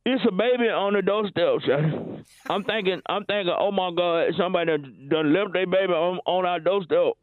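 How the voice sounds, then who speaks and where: A man's voice: high-pitched, moderate pace, natural voice. A man voicing a rambling, stammering male caller who makes wild excuses to miss work, heard over a phone line. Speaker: comedy caller.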